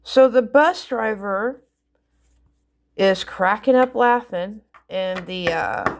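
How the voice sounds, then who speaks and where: A woman's voice: medium pitch, takes it slowly, vocal fry, noisy background. A middle-aged mother casually telling funny stories about her kids, rambling with fillers and restarts. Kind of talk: casual storytelling.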